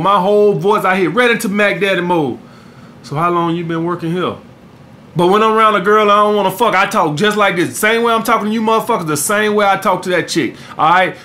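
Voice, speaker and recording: Blunt, profane man lecturing with a high voice. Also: bright, forceful tone. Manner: blunt, profane, keeps saying "guys" and "all right?". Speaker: dating coach and podcast host. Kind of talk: podcast monologue giving dating advice.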